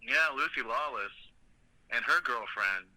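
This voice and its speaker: Bright-voiced rambling comic podcast host. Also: male voice, mid-range voice, animated, a little slow, poor audio. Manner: rambling, joking, profane storytelling. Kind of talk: casual comedic chat.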